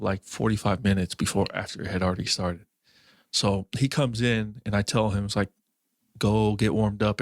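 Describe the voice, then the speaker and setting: A young male podcast host with a low voice tells a rambling personal anecdote, leaning on "um" and "like" and briefly acting out the people in it. The sound is dry and close, with no room around him. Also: no room sound. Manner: loose storytelling, full of "um" and "like", acting out quoted voices. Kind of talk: casual anecdote-telling.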